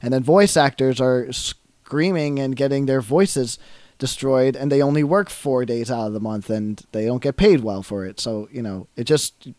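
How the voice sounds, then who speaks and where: A man's voice: mid-range voice, normal speed, a little mellow, no echo. Man, casual podcast talk, thinking aloud, dead dry room. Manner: rambling, thinking aloud with many fillers. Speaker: podcast co-host. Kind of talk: casual chat.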